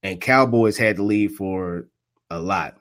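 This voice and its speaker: A man doing casual live play-by-play of a football game, trash-talking and laughing, swinging from muttered asides to loud outbursts. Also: sits low, measured pace. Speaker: live sports commentator and streamer.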